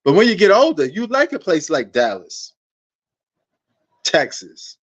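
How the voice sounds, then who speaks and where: A man's voice: high-pitched, wildly swooping pitch, a little slow, dull audio. A man hosting a sports livestream, rambling in a laid-back, casual way and talking straight to his viewers.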